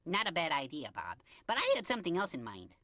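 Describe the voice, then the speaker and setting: A goofy cartoon cucumber with a high, bright voice. His pitch leaps all over the place as he gets silly and dramatic, and the sound is dry and close. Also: wildly swooping pitch, no echo, heavily acted. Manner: silly, dramatic, quick to panic. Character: goofy, excitable male cucumber. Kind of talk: cartoon voice acting.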